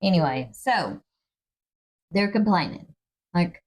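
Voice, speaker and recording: A woman co-hosting a Bible study podcast keeps things chatty, reading verses aloud, acting out quotes, and discussing them. Her voice is on the low side, with big pitch swings, and she takes it slowly.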